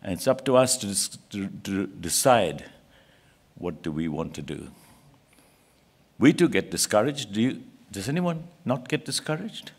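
A man's voice: on the low side, sing-song, measured pace, slightly rough. A man preaching a sermon in a church, earnest and pleading, rising to emphatic peaks.

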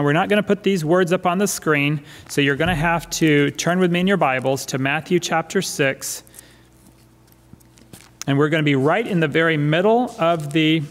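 A male pastor preaching a sermon in a church, emphatic and fond of repeating his key phrases. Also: a little high. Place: church sanctuary. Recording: church hall reverb.

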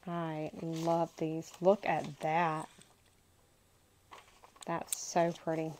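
A woman's voice: low voice, completely flat delivery, drawn-out words, pauses often, darkish tone, a little hiss or hum, poor audio. A woman hosting a crafting channel, chatting casually and gushing to herself as she unboxes paper supplies. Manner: gushing, talks to herself while handling paper.

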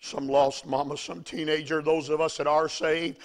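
A man preaching a fiery revival sermon in a church, swinging from hushed storytelling to shouting. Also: a little high, level tone, moderate pace, hardly any pauses.

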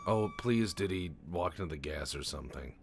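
A man's voice: low-pitched, expressive, a little fast, vocal fry, faint music behind. A man doing rambling, profane, jokey let's-play commentary over a strategy game, tossing in goofy voices. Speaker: gaming channel host.

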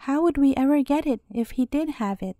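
A woman's voice: high voice, animated, a little fast, dark tone, no room sound, studio quality. A woman voicing a timid female puppy in a storybook, whining and fearful. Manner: whiny, fearful.

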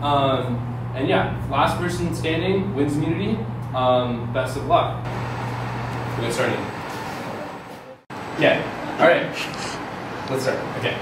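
A young man hosting a campus reality game challenge, explaining the rules in a loose, rambling way full of fillers. His voice sits a touch high and comes from away from the mic, bouncing around a very echoey room with clear noise underneath. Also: takes it slowly, long pauses, recorded from a distance. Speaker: host.

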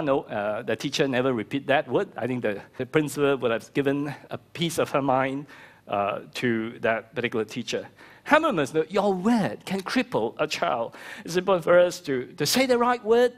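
A middle-aged male pastor preaching a sermon with a fairly high voice. He talks in an animated way and acts out the voices of the people he quotes. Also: moderate pace. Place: church hall.

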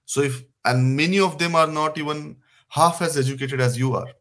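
A man from India, speaking English with an Indian accent, teaches French to an online audience. His voice sits a little high for a man, and he keeps things encouraging as he fires off words for viewers to translate. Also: normal speed, a bit bright. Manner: encouraging, drills vocabulary by calling out words. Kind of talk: live online lesson answering viewers.

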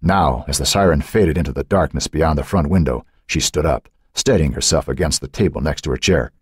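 A man narrating a thriller audiobook in an expressive, suspenseful reading. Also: extremely low pitch, brisk, slightly rough, no room sound, studio quality.

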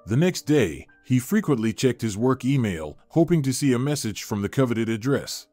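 A man narrating a scripted story in a measured storytelling manner, also voicing its characters. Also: mid-range voice, very animated, warm tone, no echo, soft background music. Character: Antonio, a smitten man, calm and professional.

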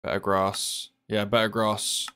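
A young man with an English accent talks through a live stream in a relaxed, chatty way, reading out viewer messages as he plays. His voice sits a little low, and his talk is loose and offhand, with plenty of casual swearing. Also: measured pace, a little hiss or hum. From England. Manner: laid-back, chatty, swears casually, reads chat aloud. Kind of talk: casual live-stream chat while gaming.

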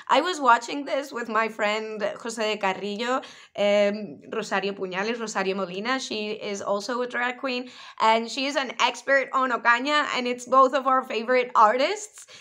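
A woman from Spain talks through a review in English with a clear Spanish accent. Her voice is bright and lively in tone, and her delivery is chatty, enthusiastic and loose, dotted with casual fillers. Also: medium pitch. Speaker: video reviewer. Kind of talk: casual explanatory vlog.

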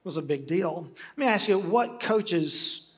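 Pastor, slightly high voice. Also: male voice, animated, a little slow, breathy edge. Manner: encouraging, conversational questions. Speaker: pastor interviewing a guest. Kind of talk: onstage church interview. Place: church stage.

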